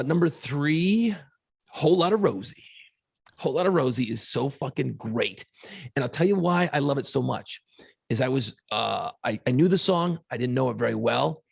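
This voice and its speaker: A man's voice: medium pitch, creaky, slightly rough. A man co-hosting a podcast, chatting casually and swearing freely while he tells stories. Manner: profane, animated storyteller. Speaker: podcast co-host. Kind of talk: casual chat.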